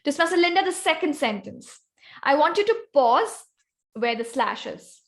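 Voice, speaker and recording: A woman's voice: sits high, very animated, normal speed, creaky, a bit bright. A woman giving an instructive presentation on voice technique over a video call, calling on members by name. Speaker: guest speaker presenting on vocal variety. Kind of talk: online club meeting presentation.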